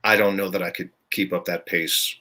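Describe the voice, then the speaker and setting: Guesting on a casual podcast, an older musician spins stories about his gigs and laughs a lot. His voice is low and deep yet bright and forceful, steady in tone at a moderate pace.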